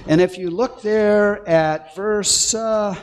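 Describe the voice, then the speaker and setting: A male pastor preaching an excited, animated sermon, with playful asides to the congregation. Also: high voice, slow, a little hiss or hum.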